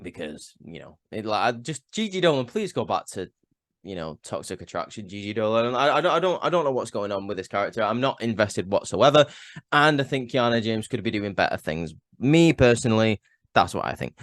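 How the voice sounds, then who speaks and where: A man's voice: lowish voice, big pitch swings, fairly quick, dry recording, clean studio sound. A man giving a casual, rambling review, opinionated and full of "um"s and restarts as he recaps. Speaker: wrestling show reviewer.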